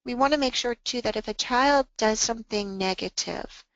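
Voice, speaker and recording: A woman presenting a workshop on tutoring, talking calmly and earnestly and acting out phrases to say to students. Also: fairly high pitch, moderate pace, no room sound, highs cut off. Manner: calm, earnest, acts out example phrases to students. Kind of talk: workshop talk.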